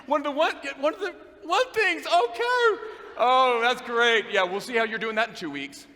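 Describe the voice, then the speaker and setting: A man voicing a scornful young man who mocks a friend's business plans with high, jeering laughter. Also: lively intonation, moderate pace, pushed and bright, exaggerated voice. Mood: mocking. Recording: long reverb of a big hall.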